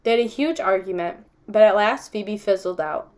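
Calm, even-voiced woman reading a novel aloud. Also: medium pitch, moderate pace. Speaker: audiobook reader.

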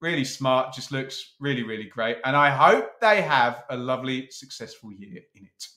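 A man's voice: mid-range voice, expressive, normal speed, sharp tone, reverberant. A man hosting a casual chat, talking straight to his viewers in a chatty way. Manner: chatty, addresses the viewers directly. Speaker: host.

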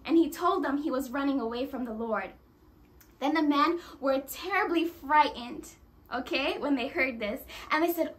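High bright-voiced woman preaching. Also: moderate pace. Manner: animated, acts out quoted voices, addresses congregation directly. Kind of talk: sermon.

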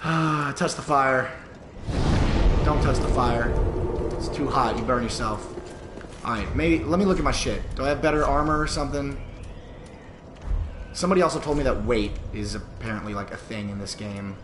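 Cursing man yelling at a video game. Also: medium pitch, fairly quick, noisy background. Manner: profane, yells at the game in sudden outbursts; sarcastic self-mocking asides. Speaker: gamer streaming live. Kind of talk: live gameplay commentary. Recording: roomy with loud background sound.

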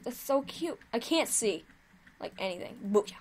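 A woman hosting her own gaming video, giving chatty, excitable live commentary while she plays and cheering at her wins. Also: high-pitched, moderate pace, breathy edge.

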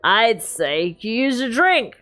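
A woman's voice: on the high side, very animated, takes it slowly, a bit bright, soft background music, full character voice. A woman doing a slurring drunk innkeeper. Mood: bitter. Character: drunk gruff male innkeeper, bitter and weary.

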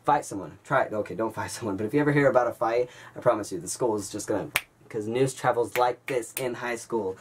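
A young man vlogging, telling a story to his viewers in an animated way and calling them guys. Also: medium pitch, fast talker, distant mic, noisy background. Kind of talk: storytelling vlog.

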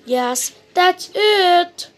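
Woman putting on a cheerful little storybook girl, eager, high, a bit louder than the narration. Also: animated, extremely slow, soft background music, full character voice. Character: cheerful, scatterbrained little girl full of ideas. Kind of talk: storybook read-aloud.

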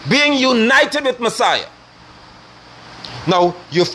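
A middle-aged man delivering a forceful, scolding sermon online, preaching hard at his listeners. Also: sits high, big pitch swings, moderate pace, slight background noise.

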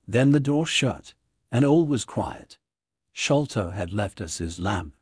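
A man reading a classic story aloud as scripted narration for English learners, in a clear, even way. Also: medium pitch, a little slow, no echo, studio quality.

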